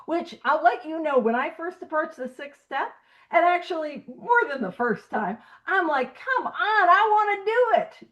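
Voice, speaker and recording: A woman with a high voice leads a recovery study group over a video call. She talks in a loose, animated way and pokes fun at herself, often laughing as she goes. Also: dull audio. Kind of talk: casual teaching chat.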